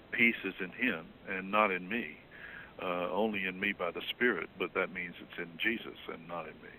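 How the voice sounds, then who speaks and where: A man in a theological discussion, explaining earnestly and jumping up in pitch when he quotes someone. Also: pushed and bright, slight background noise, low-quality recording. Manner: earnest, explanatory, rises sharply when quoting. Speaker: theologian being interviewed.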